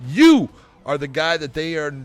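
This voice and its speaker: A man doing a loud bragging young boxer. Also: a little high, big pitch swings, measured pace. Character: hyped young male internet-star boxer.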